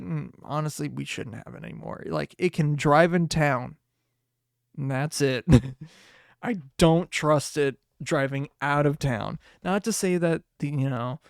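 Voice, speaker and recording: A man hosting a casual solo podcast, with a voice a bit higher than usual and a dry, close sound. He rambles, swears freely and often laughs. His pitch jumps suddenly when he gets worked up. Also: vocal fry, no echo. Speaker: podcast host.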